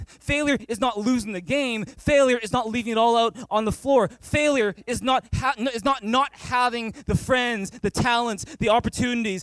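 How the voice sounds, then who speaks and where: A man's voice: sits high, no room sound. A male pastor preaching a sermon at a church service, emphatic and repetitive, calling for amens.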